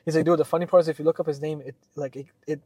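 A young man co-hosting a podcast, telling a story in a casual, animated way with lots of fillers and swearing. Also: on the high side, rapid-fire, breathy edge, no echo. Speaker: podcast co-host.

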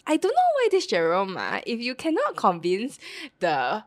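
A Singaporean woman co-hosting a podcast, telling a story in a casual, lively way with Singlish particles and frequent laughs. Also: medium pitch, moderate pace, dry recording. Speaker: podcast co-host.

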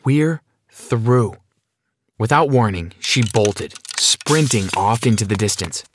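A man's voice: lowish voice, expressive, unhurried, slight background noise. Man reading a first-person story.

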